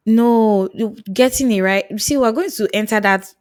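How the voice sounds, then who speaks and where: A Nigerian woman co-hosting a podcast in casual chat, animated and pleading, breaking into mimicked accents. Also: mid-range voice, moderate pace, dry recording, clean studio sound. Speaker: podcast co-host.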